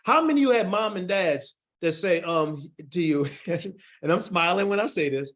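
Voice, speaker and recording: A man presenting an online workforce training session, animated, folksy and encouraging. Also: high voice, moderate pace. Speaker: workshop facilitator.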